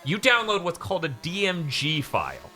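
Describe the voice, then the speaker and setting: A man's voice: fairly high pitch, wildly swooping pitch, normal speed, pushed and bright, a little hiss or hum. A man hosting a casual podcast, telling stories animatedly and swearing casually. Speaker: podcast host. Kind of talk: casual chat.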